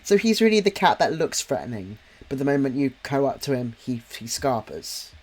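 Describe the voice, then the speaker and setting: This young streamer is very animated, with a mid-range, slightly mellow voice at normal speed. While drawing, he reads viewers' comments aloud and chats in a rambling, friendly manner full of ums and restarts.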